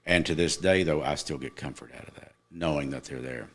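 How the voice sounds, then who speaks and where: A man's voice: extremely low pitch, a little fast, fairly bright tone. A middle-aged man, a podcast guest, earnestly telling a personal story in casual chat, with emphatic moments.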